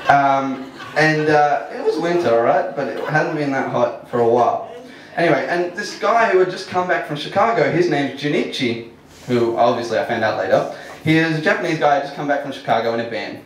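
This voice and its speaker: A man with a fairly high, expressive voice recounts a comic personal tale on stage, talking fairly quickly and chuckling through his self-deprecating, laid-back lines. It's recorded at a live storytelling venue with an audience, via a far-off mic in an echoey hall, with a little hiss or hum.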